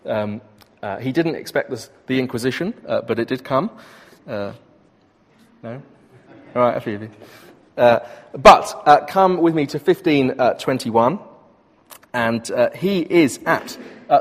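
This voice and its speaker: A man's voice: mid-range voice, animated, a little slow. A man preaching to a congregation, telling history in a conversational way with many hesitations. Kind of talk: sermon with a history lesson. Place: church hall with an audience. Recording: long reverb of a large hall.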